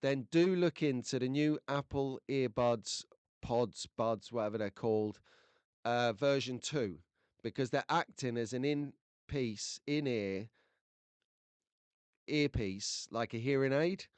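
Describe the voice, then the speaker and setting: A man's voice: mid-range voice, takes it slowly, darkish tone, smooth, dry recording. A man hosting a casual livestream, chatting to viewers and reading their comments in a jokey, rambling way with lots of fillers. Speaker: livestream host. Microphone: desk microphone close to the face.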